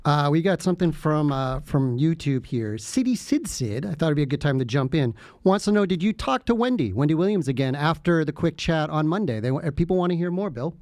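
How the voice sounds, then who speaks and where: A male sidekick chimes in with playful, mock-boastful banter. His voice is fairly high. The sound is dry and close. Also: lively intonation, a little fast, hardly any pauses, darkish tone, no room sound. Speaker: show producer and sidekick. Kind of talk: casual studio banter.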